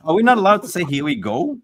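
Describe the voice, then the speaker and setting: A man chatting as host of a fan live stream, talking casually into a streaming mic. He is excitable, laughs often and swears freely, and his pitch jumps around a lot. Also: gravelly.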